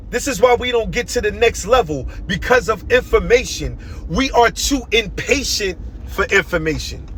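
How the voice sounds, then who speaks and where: A man's voice: high voice, a bit bright, slight background noise. A young man delivering an impassioned, emotional monologue, hammering his points with repeated phrases.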